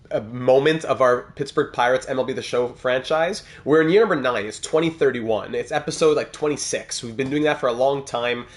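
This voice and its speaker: Guy hosting a hockey game livestream, friendly and chatty, reading out chat comments, average pitch, at home at his pc. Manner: upbeat, chatty, talks to viewers by name. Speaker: live-stream host of a hockey video game series. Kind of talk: casual pre-stream chat, greeting viewers and reading live comments.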